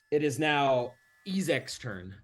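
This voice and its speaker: A man narrating a tabletop game as game master, pausing often and filling gaps with hesitations. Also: on the high side, very animated. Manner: halting, many fillers.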